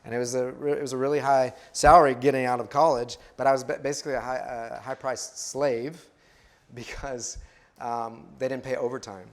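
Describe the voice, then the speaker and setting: A man in his fifties tells his own life story in a relaxed, halting way. He keeps restarting his sentences and fills the gaps with uh and um, like a missionary giving his testimony. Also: medium pitch. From West Texas. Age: 50s. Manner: storytelling, many restarts and fillers. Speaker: missionary speaker. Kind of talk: personal testimony in a sermon.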